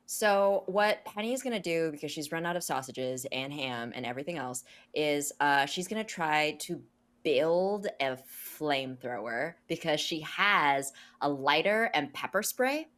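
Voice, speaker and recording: A woman's voice: sits low, expressive, measured pace, a bit bright. A woman playing a tabletop horror game, matter-of-factly laying out her character's plan. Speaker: player.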